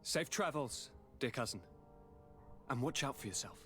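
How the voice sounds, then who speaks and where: An actor playing a courteous noble governor who speaks in a measured, courtly way. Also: male voice, mid-range voice, lively intonation, a bit bright, soft background music, natural voice. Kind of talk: video game dialogue.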